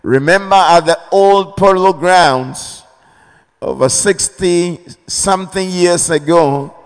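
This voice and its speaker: A man from Ghana preaching a sermon, deliberate and repetitive, calling on the congregation for amens. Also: sits high, clean tone. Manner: slow, deliberate, repeats key phrases, calls for amens. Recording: long reverb of a large hall.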